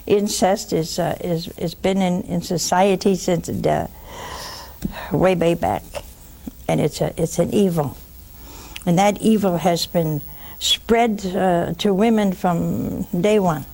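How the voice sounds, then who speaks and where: An older woman hosting a religious call-in show, preaching emphatically, mocking at times and dropping to a hush. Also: fairly low pitch, slow, gravelly. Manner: emphatic, scolding, mocking then hushed.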